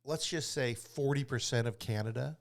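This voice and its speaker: A man co-hosting a casual podcast, joking and cutting in with quick remarks. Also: mid-range voice, creaky. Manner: joking, interjecting. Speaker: co-host.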